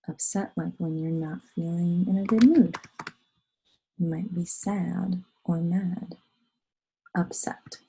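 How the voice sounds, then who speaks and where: A woman's voice: on the low side, creaky, mellow, husky, poor audio. A woman teaching a phonics lesson to young children, patiently sounding out letters and syllables and encouraging them as she goes.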